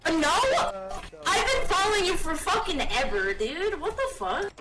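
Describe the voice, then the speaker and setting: A woman's voice: extremely high pitch, big pitch swings, measured pace. A woman streaming, bantering crudely and mockingly.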